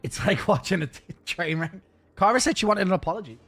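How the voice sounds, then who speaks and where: A man with a fairly high speaking voice chats loosely with his stream audience, rambling and poking fun at himself. Soft music plays underneath from his desk setup. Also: lively intonation, fast. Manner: rambling, self-mocking, chatty. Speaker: game streamer. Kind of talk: casual chat with viewers.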